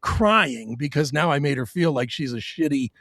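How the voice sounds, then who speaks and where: A middle-aged man with a fairly high voice tells a hard personal story with blunt, profane candor. He often stumbles into stammered restarts. The recording is close and dry, with almost no room sound. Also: animated, moderate pace, a bit bright, no room sound. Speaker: show host sharing his story.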